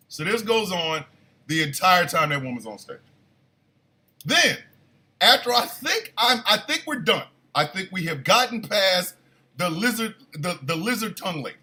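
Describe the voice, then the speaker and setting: A man hosting a morning show, telling a comic story in a casual, animated way with loud bursts of disbelief. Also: high-pitched, moderate pace.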